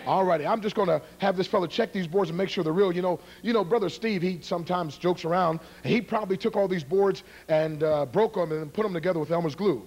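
A man's voice: sits high, fast talker, hardly any pauses, a little mellow. A middle-aged man, an evangelist, joking and teasing a live church audience before a karate demonstration. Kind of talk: humorous sermon introduction to a live congregation.

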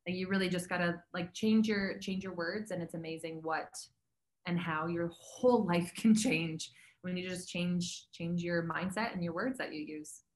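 A woman's voice: on the low side, steady tone, normal speed, roomy sound. A woman talking as a health coach guest in a casual interview, chatty and upbeat, with many fillers.

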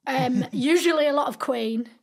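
Young Yorkshire woman guest, husky, higher voice, self-mocking storyteller. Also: normal speed, darkish tone. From Rotherham, England. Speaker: podcast guest. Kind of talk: casual chat.

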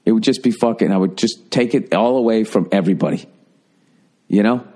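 A man's voice: on the low side, fairly quick, dark tone. A middle-aged man hosting a comedy podcast, ranting with lots of swearing and slipping into mocking voices. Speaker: podcast host.

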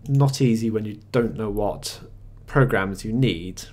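A tech reviewer with a lowish voice narrates his screencast software review from a desktop computer mic. He keeps it matter-of-fact and conversational, stopping occasionally with little hesitations.

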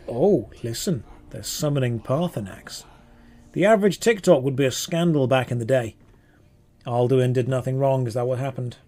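A man's voice: medium pitch, moderate pace, warm tone. A man with a British accent chatting casually while streaming a game, rambling through sarcastic banter.

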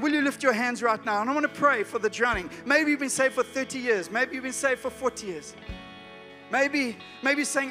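High-voiced pastor preaching in a reverberant hall. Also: male voice, brisk. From South Africa. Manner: emotional, swings from hushed to shouting. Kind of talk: sermon. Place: church hall. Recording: church hall reverb with soft music.

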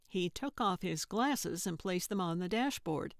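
Slow, gravelly woman narrating an audiobook. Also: medium pitch, no echo, clean studio sound. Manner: measured, even storytelling. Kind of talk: scripted narration.

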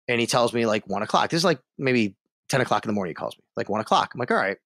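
A man's voice: mid-range voice, very fast, no echo, studio quality. A man, a sports radio host, telling a story as a podcast guest and acting out the other voices. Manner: animated, acts out the other voices in his story.

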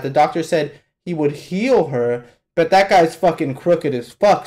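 A young man hosting a live anime reaction, swearing a lot and shouting at the screen in excitement. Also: a little high. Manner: profane, excitable, yells at the screen. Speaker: reaction channel host.

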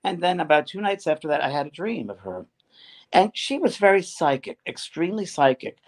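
A man's voice: fairly high pitch, animated, a little fast. A man who works as a spiritual medium, chatting casually and telling rambling stories. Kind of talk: casual chat.

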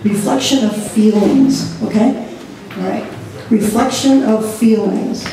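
A woman leading a church training session, lively and laughing as she acts out examples. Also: a little high, slow pace. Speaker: ministry group leader trainer. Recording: echoey room, mic far off.

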